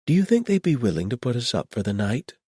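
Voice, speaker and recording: A quick-witted woman spy with dry, fervent quips, read by a male narrator, lifted high above his low, husky voice. A storybook character heard in a close, dry recording. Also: sing-song, darkish tone, no room sound. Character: witty, weary woman spy.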